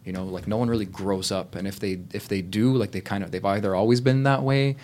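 A man's voice: on the low side, quick pace, a little mellow. A man in casual conversation, speaking reflectively and searching for words. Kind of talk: casual chat.

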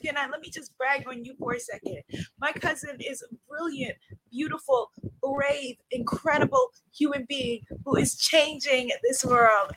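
A woman with a high, bright voice hosts a live stream, full of playful energy and quick laughter. Her voice sits close and dry with no room around it. She talks to her viewers in a warm, emotional rush. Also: no room sound, poor audio. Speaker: livestream host.

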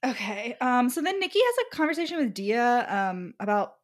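Young female co-host, high lively voice, animated storytelling. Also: fairly quick. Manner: animated, laughs, quotes characters. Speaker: podcast co-host. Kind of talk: casual chat recapping a book.

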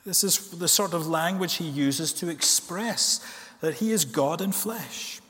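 Guy preaching, slightly high voice, big church reverb, earnest and slow on the key bits. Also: fairly bright tone. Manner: earnest, rhetorical questions, slows for emphasis. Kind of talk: sermon. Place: church hall. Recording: long reverb of a church hall.

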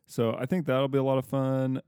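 Man, casual podcast talk, rambling with fillers, mellow tone. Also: medium pitch, completely flat delivery, brisk, smooth, dry recording, clean studio sound. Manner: loose and rambling, many fillers. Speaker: podcast co-host, father of an infant.

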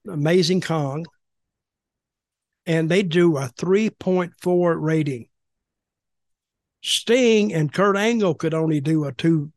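A man's voice: on the high side, dry recording, studio quality. An older man telling blunt, rambling stories in casual podcast chat, often repeating himself. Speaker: podcast guest, former wrestling executive.

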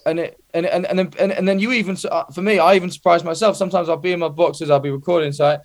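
A music producer, chatting loosely. He rambles and keeps restarting his sentences, full of slang. His voice sits somewhat high for a man. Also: steady tone, very fast. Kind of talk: casual podcast chat.

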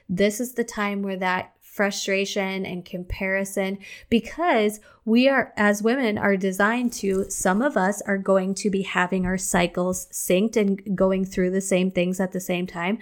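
A young woman hosts a casual solo podcast, speaking candidly and directly to the listener. She's chatty and acts out her own outbursts in a higher voice.

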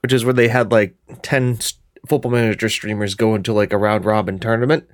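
A man co-hosting a podcast in casual chat, rambling with many restarts and quick asides. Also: on the low side, steady tone, no room sound, clean studio sound. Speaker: podcast co-host and gaming video creator.

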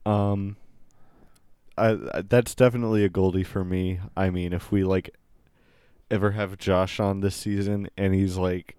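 A man's voice: low voice, a little slow, smooth, dry recording, studio quality. A man co-hosting a podcast, chatting casually and reacting to clips with a lot of swearing and laughter. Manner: profane, animated, laughs a lot. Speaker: podcast co-host.

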